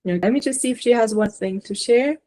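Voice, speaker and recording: A woman channeler relaying spirit messages slowly and softly during a live online session. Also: fairly high pitch.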